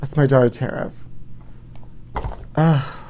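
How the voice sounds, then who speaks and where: A man's voice: medium pitch, fairly even intonation, slow pace, dark tone, slight background noise. A man hosting a live gossip show, campy and dramatic, who keeps calling his viewers honey. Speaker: host.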